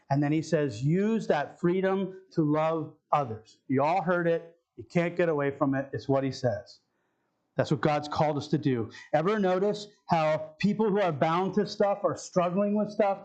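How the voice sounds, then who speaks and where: A man's voice: on the high side, a little mellow, highs cut off. A male pastor giving a conversational sermon, often repeating key phrases for emphasis. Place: church sanctuary.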